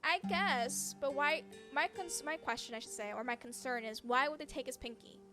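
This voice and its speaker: A woman's voice: high voice, normal speed. A woman streamer playing a story game, giggling and reacting aloud over game music. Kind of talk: let's play commentary.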